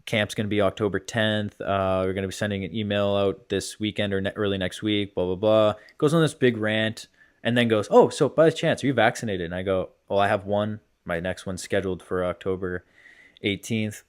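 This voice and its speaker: A man's voice: fairly low pitch, fairly even intonation, moderate pace, smooth. A young man co-hosting a casual podcast, telling a rambling story full of fillers. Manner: rambling storyteller, many fillers like "whatever" and "blah, blah". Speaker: podcast co-host, hockey player.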